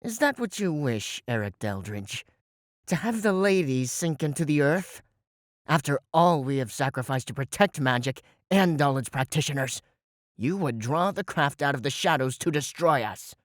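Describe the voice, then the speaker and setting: A man voicing a pale, sinister mist woman who speaks slowly and ominously in an audiobook. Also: a little high, animated, dry recording, clean studio sound, lightly acted. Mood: menacing.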